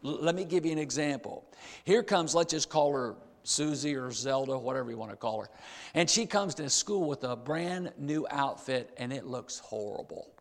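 A man's voice: mid-range voice, lively intonation, normal speed, vocal fry, in a large hall. An older man preaching a sermon, emphatic, repeating key phrases and speaking straight to the congregation.

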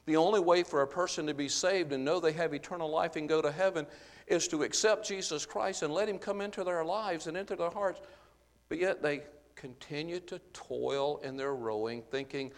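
A man preaching a Bible-teaching sermon, earnest and explanatory, often pausing on "uh" as he works through the passage. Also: on the high side. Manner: earnest, explanatory, with frequent "uh" fillers. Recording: long reverb of a large hall.

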